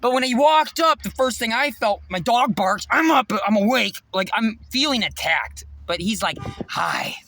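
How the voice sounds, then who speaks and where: A man's voice: very high voice, animated, moderate pace, few pauses, a little hiss or hum. Agitated, profane man vlogging. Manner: agitated, profane, swings between loud and muttered. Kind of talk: rambling monologue to camera.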